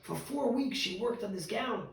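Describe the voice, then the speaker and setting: Old sage, played by a man, poor and holy, gently firm, quiet, earnest, echoey. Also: high-pitched, lively intonation, normal speed, vocal fry, recorded from a distance, voice pushed down. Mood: insistent.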